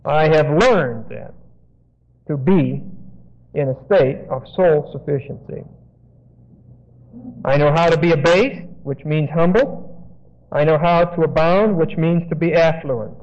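A man giving verse-by-verse sermon teaching, explaining Greek grammar with digressions and frequent checks of "okay?". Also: fairly high pitch. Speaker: Bible teacher. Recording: dull lo-fi sound.

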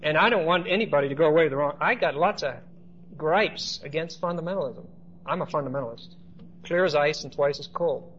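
Pastor, male, chatty storytelling preacher; a touch high-pitched, muffled old church tape. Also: brisk, fairly bright tone, a little hiss or hum. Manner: conversational storytelling with asides to the congregation. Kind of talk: sermon.

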